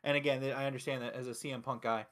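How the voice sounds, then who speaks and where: Hosting a show that reviews wrestling, this man talks loosely and swears freely, full of excitement. His retellings are peppered with snappy impersonated lines, delivered in a mid-range voice.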